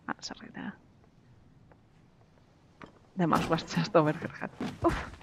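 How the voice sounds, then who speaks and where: A woman live-streaming a game, chatting casually with viewers in an excitable, giggly way. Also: low voice, measured pace, gravelly, long pauses, muffled recording.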